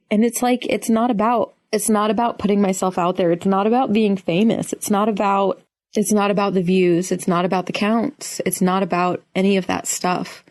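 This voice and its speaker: A young woman hosting a solo podcast, talking in a casual, earnest and emotional way, often restarting her sentences, in a quiet room. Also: medium pitch. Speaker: podcast host.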